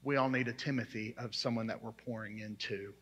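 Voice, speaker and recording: A man's voice: mid-range voice, fairly even intonation, brisk, a bit bright, breathy edge, muffled recording. A man preaching a sermon as pastor, emphatic and repeating his key words.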